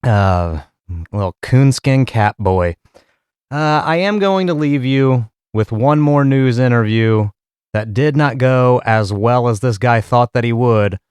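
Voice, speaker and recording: A man hosts a casual comedy commentary with crude, profane jokes. His voice comes through smooth and clear. The mic is close and the room is dry. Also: mid-range voice, slow, darkish tone, no room sound. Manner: crude, profane, laughing often. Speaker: podcast host.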